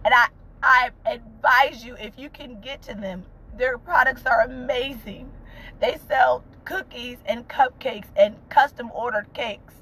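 A high-pitched woman speaks to her viewers from a car while crying. Her talk is fervent and tearful, and she keeps repeating encouraging phrases. She sounds like a mother sharing family news in a casual vlog. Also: measured pace, bright, forceful tone, poor audio. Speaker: vlogger, mother of two young entrepreneurs. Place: inside a parked car.

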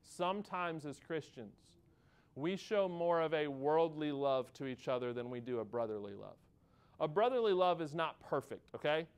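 A pastor in his thirties delivers a sermon in a relaxed, conversational way, pausing to check in with his listeners. His voice is clear and resonant and sits a little high for a man. He eases into light family stories to make his point. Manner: conversational preaching, checks in with the room with "okay?" and "all right?".

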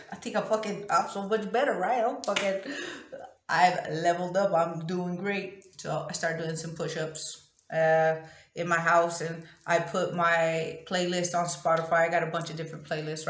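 A woman's voice: on the low side, reverberant. A woman telling a personal story in a raw, profane, emotionally open confessional way. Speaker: vlogger.

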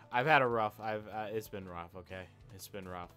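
Young male gaming creator, exasperated swearing rant, bright and crisp. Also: fairly low pitch, measured pace, soft background music. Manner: ranting, frustrated, swears often; repeats and restarts phrases. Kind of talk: live gameplay commentary.

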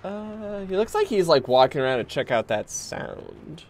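A man streaming a video game, casually commenting and coaching himself through fights in excitable bursts and mutters. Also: fairly high pitch, moderate pace, soft background music.

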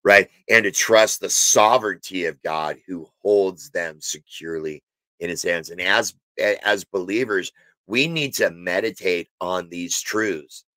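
A man's voice: low-pitched, a little slow, bright, forceful tone, no room sound. A man teaching on a Bible passage in a casual, rambling way, full of fillers and restarts, sometimes emphatic. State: has hiccups. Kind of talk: informal spoken Bible teaching.

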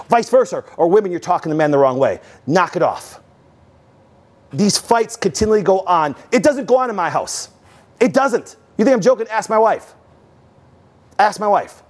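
A middle-aged man lectures an audience about health with a preacher's insistence. His voice sits a little high, and he keeps asking whether his listeners see what he means. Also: darkish tone. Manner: emphatic, preachy, asks the audience rhetorical questions. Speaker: host. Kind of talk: animated health talk to an audience.

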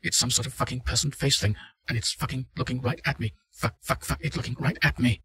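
An actor playing a frightened male test subject in an audio drama, husky and prone to swearing. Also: mid-range voice, fast, pushed and bright. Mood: panicked. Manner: swearing, panicky.

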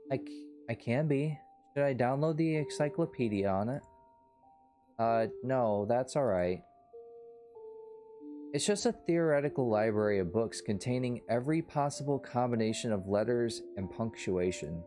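A man's voice: medium pitch, mellow. A man streaming a story game, reading its dialogue aloud and playfully switching between put-on voices. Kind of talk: voicing characters in a story game playthrough.

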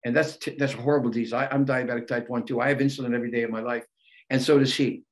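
An older man in his seventies, a rock musician telling stories in a casual interview, animated and given to repeating words. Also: mid-range voice, very fast. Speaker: guest musician.

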